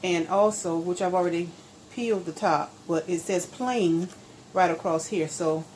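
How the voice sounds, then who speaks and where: A middle-aged woman, chatting homey and relaxed to viewers as she cooks in her kitchen. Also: lowish voice, a little slow, a little hiss or hum, rough recording. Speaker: cooking channel host. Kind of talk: casual cooking vlog chat. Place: home kitchen.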